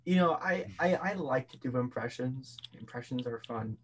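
A man's voice: medium pitch, lively intonation, normal speed, slight background noise. A young man as a podcast guest, playful and rambling in casual chat.

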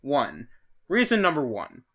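A man's voice: mid-range voice, wildly swooping pitch, a little slow, fairly bright tone. A young man hosting a podcast, joking and rambling casually with his friends. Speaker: podcast host. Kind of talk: casual chat.

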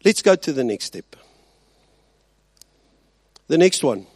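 A male pastor preaching a sermon, swinging between loud emphasis and quiet asides and often checking in with his listeners. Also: a little high, sing-song, takes it slowly, husky, no echo. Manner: rhetorical check-ins with the congregation.

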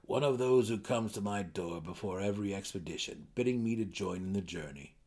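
A man reading aloud, voicing a reclusive male deep gnome who speaks flatly and grimly. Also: brisk.

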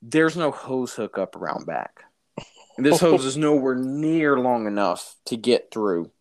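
A man telling a funny personal story in casual chat, animated and often laughing, calling the listener dude. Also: mid-range voice, a little slow.

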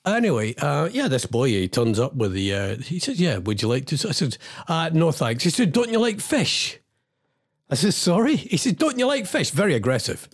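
A man's voice: medium pitch, big pitch swings, brisk, few pauses. A middle-aged man hosts a radio show, and he rants and rambles in exasperation with wry asides. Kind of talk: ranting radio chat.

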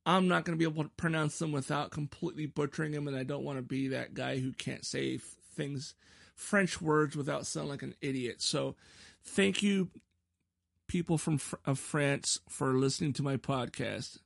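A man hosts his own podcast alone, chatting casually in a rambling, self-deprecating way and tripping over his words. His voice sits a little high and carries a gravelly rasp. The sound is dry and close, with no room around it. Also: fairly even intonation, fairly quick, dry recording. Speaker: podcast host. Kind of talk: casual solo podcast chat.

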